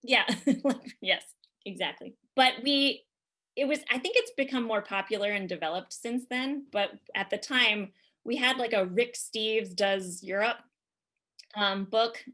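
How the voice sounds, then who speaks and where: Brief: woman guest, bright and fairly high voice, chatty comic storyteller who rambles. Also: a little slow. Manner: chatty, rambling with many fillers and laughs. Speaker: podcast guest.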